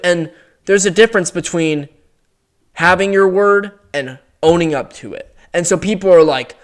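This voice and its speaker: Exasperated young man ranting, pitched a bit high. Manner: heated, profane, exasperated ranting. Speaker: MMA commentary YouTuber. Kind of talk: casual ranting commentary.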